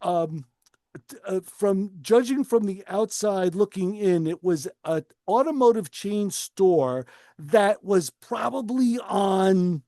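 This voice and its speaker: A man with a high, expressive, warm voice takes his time telling a long story while co-hosting a radio car show. He acts out the voices of the people in it, casual talk-radio storytelling with no room sound.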